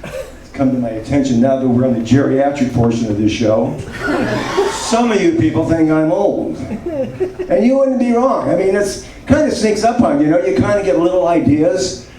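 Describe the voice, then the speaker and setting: A man's voice: fairly high pitch, moderate pace, dark tone. A man in his seventies doing a self-mocking, rambling stand-up set. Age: 70s. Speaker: stand-up comedian. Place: comedy club stage. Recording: echoey club, distant mic, audience. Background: crowd laughter.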